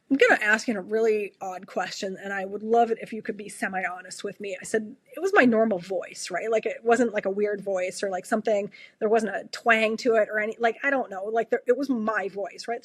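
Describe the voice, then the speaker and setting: A woman from Canada who works as an emergency room nurse, talking in a relaxed, chatty way with plenty of fillers and quick laughs. Her voice is slightly husky and sits in a middle pitch. It is recorded close and dry, with no room sound. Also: no echo. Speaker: ER nurse guest. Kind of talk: casual storytelling conversation.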